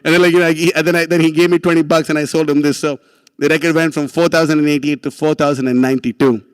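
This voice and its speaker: A young man tells his story at a rapid clip, excitable and full of slang. His voice sits fairly high and laughs break in often. The sound is dry and close. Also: clean tone, dry recording. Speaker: class speaker. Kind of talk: animated storytelling talk.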